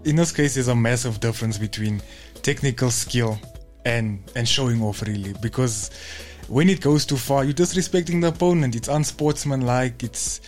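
A man, co-hosting a football discussion in a measured, reasoned way, his lines often trailing off softly. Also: medium pitch, faint music behind. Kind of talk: studio discussion.

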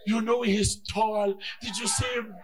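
A male pastor preaching a lively sermon, moving between shouts and hushed asides and acting out conversations in his stories. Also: high voice, a little slow. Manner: acts out dialogue in his stories.

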